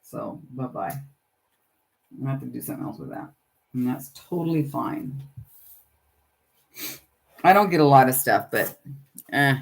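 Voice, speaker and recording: A woman's voice: extremely low pitch, expressive, a little slow, creaky, long pauses. A middle-aged woman hosting a casual crafting livestream, chatting with viewers by name while she works on her journals. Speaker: livestream host.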